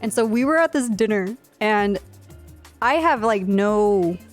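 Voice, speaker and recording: A young woman streamer chats casually, telling a long story in a blunt, profane way, padded with fillers. Her voice sits at an ordinary middle pitch. Faint music plays behind her. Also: lively intonation, unhurried. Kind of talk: casual storytelling while live streaming a game.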